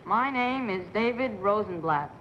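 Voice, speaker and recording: A man's voice: high-pitched, animated, unhurried. A young man answers a panel's questions with short, hesitant replies. The recording is dull and hissy, with noticeable hall reverb like an old broadcast. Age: young adult. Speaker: game show contestant.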